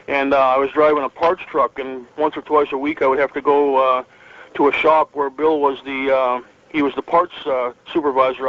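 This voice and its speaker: On a muffled recording, a medium-pitched middle-aged man, once a wrestler and now retired, swaps stories from northern Michigan as an interview guest. It's relaxed and rambling, full of fillers, restarts and frequent chuckles.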